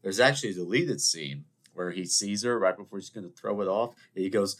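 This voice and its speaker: A man hosting a podcast, talking in a rambling, jokey monologue full of fillers and restarts, sometimes bursting into high exclaimed imitations. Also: brisk, hardly any pauses. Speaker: podcast host. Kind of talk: casual monologue.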